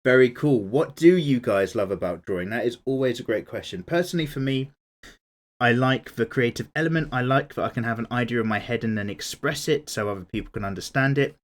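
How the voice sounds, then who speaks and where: A man with a medium-pitched, fairly quick voice chats casually while drawing, answering viewer comments in a laid-back, playfully indignant way. He's an art YouTuber.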